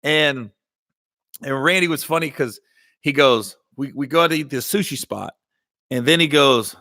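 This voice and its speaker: A man's voice: medium pitch, a little slow, pauses often, sharp tone, no echo, clean studio sound. A man hosting a comedy podcast in casual storytelling style, rambling and correcting himself, with a slight Ohio Valley twang.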